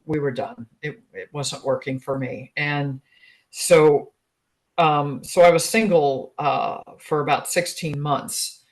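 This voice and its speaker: Chatty older woman telling her story. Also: sits low. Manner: chatty and animated, laughs often, many fillers. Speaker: guest, relationship expert. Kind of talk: casual storytelling in an interview.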